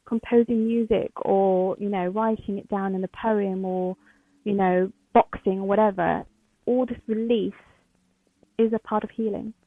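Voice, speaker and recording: A woman guest speaking candidly and emotionally, halting often with fillers. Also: medium pitch, steady tone, no room sound. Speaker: podcast guest. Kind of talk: candid interview. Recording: tinny phone-like line.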